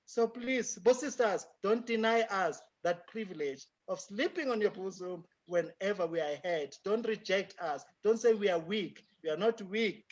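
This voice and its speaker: A South African guest speaker with a high voice answers a lecture question emphatically, weaving in Zulu phrases and laughing often. The recording sounds lo-fi.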